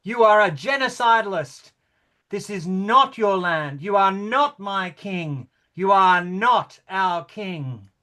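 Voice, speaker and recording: A man doing a defiant woman protester, shouting. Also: sits high, lively intonation, takes it slowly, full character voice. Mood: accusing. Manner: loud, chanting, repeated shouted slogans. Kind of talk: rehearsal reading. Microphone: video call.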